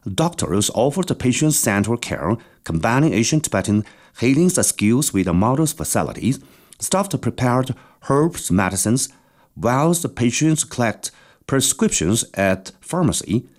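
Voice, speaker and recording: Man presenting news with a lively voice. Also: medium pitch, a little slow. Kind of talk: scripted news reading.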